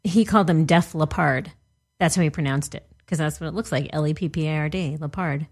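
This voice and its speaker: A woman's voice: low-pitched, fast. A woman in her forties co-hosting a casual podcast chat, laughing often and trailing off mid-sentence. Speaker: podcast co-host.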